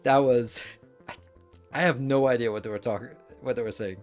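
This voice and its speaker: Male streamer, ordinary mid-range pitch, loose chatty delivery over quiet background music. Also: steady tone, moderate pace. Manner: rambling and chatty, with swearing and laughs. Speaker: game streamer. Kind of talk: casual gameplay commentary.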